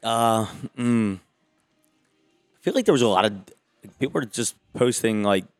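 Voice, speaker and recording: A man, a gym owner and trainer, guesting on a podcast and chatting in a relaxed, rambling way. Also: mid-range voice, a little slow, clean tone, dry recording, faint music behind. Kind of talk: casual interview chat.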